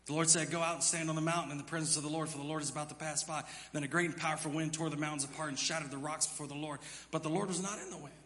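Bright, high-voiced preacher in a reverberant hall. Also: male voice, fairly even intonation, racing, hardly any pauses. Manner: preaching, swings from hushed to loud and emphatic. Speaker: pastor. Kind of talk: sermon. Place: church sanctuary.

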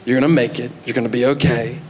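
A preacher doing a hushed old mentor. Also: male voice, mid-range voice, level tone, fast talker, slight background noise, voice pushed down, close to an everyday voice. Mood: reassuring. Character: older man, seasoned and reassuring mentor.

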